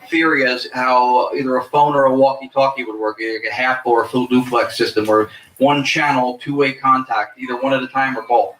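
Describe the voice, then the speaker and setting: A man's voice: medium pitch, pushed and bright. A man who investigates the paranormal, explaining his theories at length with joking asides in a live interview at a fair. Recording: echoey, distant from the mic, faint noise.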